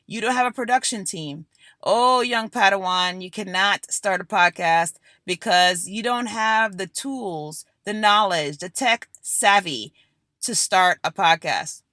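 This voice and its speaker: Woman doing a condescending old schemer who whispers discouragement; bright tone, close and dry. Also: medium pitch, measured pace, dry recording. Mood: discouraging. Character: scheming old male chancellor whispering doubts.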